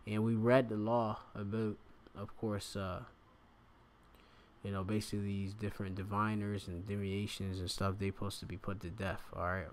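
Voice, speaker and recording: A man's voice: lowish voice, little pitch movement, moderate pace, a little hiss or hum. A man giving an informal scripture lesson, reading verses aloud and stopping often to explain words, with many fillers. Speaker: bible teacher.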